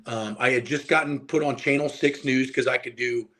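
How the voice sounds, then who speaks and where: A man in his forties from Indiana speaks as a podcast guest at a middle pitch. He tells his story in a loose, animated way and swears freely. His tone is casual and conversational throughout. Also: normal speed. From Indiana, USA. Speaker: guest, powerlifter and strength coach.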